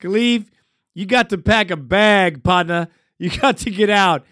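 High, slow-talking sports show host. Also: male voice, fairly bright tone, dry recording, studio quality. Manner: laid-back, chummy, slangy. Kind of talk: casual fan call-in show.

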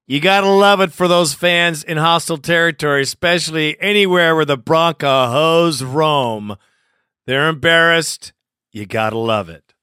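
Brief: male podcast host, upbeat and chatty, sharp tone, close dry sound. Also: a little high, measured pace, clean tone, dry recording. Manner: upbeat, chatty, laughs easily. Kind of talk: hosting a call-in fan show.

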